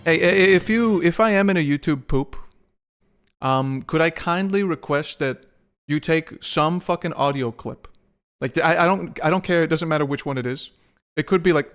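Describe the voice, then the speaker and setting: A man's voice: a little high, moderate pace. A young man streaming a game, rambling profanely and joking with his chat. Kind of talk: casual gameplay stream chat.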